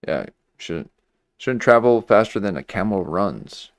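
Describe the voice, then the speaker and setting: A man commenting on a livestream, musing slowly and hesitantly with many fillers and restarts. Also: on the low side, very animated, no room sound, clean studio sound.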